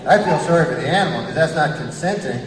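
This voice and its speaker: A man doing a rambling, profane stand-up set, chuckling through his lines in a lively, swooping voice pitched a little high. He sounds far from the mic in a roomy hall with a long echo. A loud crowd and heavy noise fill the background. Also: quick pace. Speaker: stand-up comedian. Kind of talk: stand-up routine.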